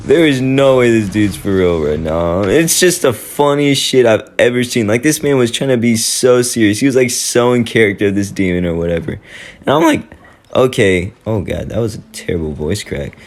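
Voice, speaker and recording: A man's voice: medium pitch, a little hiss or hum. A young man telling a story in a casual vlog, rambling with lots of fillers and swearing freely. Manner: rambling and profane, heavy with fillers.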